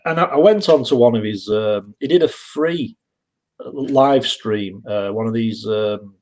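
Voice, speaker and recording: A man's voice: fairly low pitch, unhurried, darkish tone, poor audio. A man from England with a Northern English accent, a guest chatting casually in a live-stream interview, rambling through anecdotes with frequent restarts. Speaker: guest reseller.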